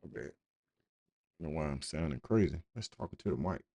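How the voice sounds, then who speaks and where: A man's voice: very deep voice, lively intonation, moderate pace, creaky, warm tone, no room sound. A man hosting a talk show, speaking bluntly and informally in a casual, conversational way. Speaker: host. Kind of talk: casual commentary.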